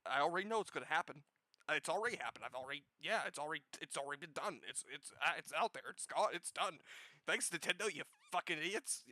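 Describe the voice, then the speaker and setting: A man hosting a gaming news show with casual commentary, profane and sarcastic, jumping from loud outbursts to low muttering. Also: expressive, fast talker, no echo, rough recording.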